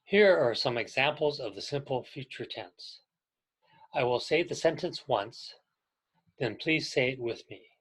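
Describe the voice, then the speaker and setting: A man gives a careful English grammar lesson to adult learners. He talks slowly and deliberately, in a middle-pitched voice. He pauses between short phrases and invites the class to repeat each example after him. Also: animated, slightly rough, poor audio. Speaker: ESL teacher. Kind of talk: slow, clear classroom instruction with repeat-after-me drills.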